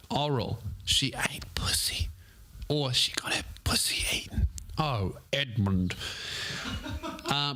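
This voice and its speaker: A man's voice: medium pitch, fairly bright tone. A young man hosting a comedic podcast, reading a listener's email aloud and breaking off for joking asides. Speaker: podcast host.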